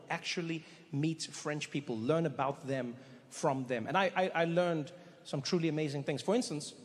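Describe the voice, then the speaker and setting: A man doing stand-up storytelling on stage into a handheld mic, animated and breaking into quick voices for the people in his stories. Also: on the high side, long reverb tail. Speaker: stand-up comedian.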